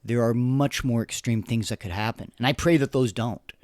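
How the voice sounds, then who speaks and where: A man's voice: medium pitch, normal speed, a little mellow, dry recording. American guy doing a solo opinion podcast, earnest and fired up, dry close sound, keeps restarting his sentences. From United States. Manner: earnest, impassioned, repeats words while searching for them. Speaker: podcast host.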